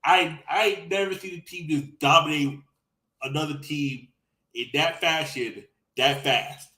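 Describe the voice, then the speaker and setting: A man's voice: a little high, unhurried, echoey room, low-quality recording. A man co-hosting a casual esports podcast, swearing a lot and acting out quotes as he tells stories. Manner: profane, animated storytelling with put-on quotes. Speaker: podcast co-host.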